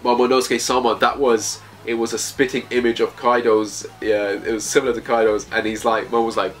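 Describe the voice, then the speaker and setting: A man's voice: mid-range voice, fairly even intonation, brisk, hardly any pauses, fairly bright tone. A man reviewing manga chapters in casual commentary, reading panels aloud in loose, slangy phrasing.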